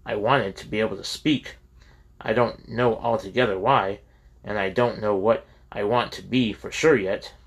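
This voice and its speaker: A man reading the lines of a troubled young male college student who speaks quietly and respectfully. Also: lowish voice, steady tone, normal speed, slightly rough. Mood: earnest.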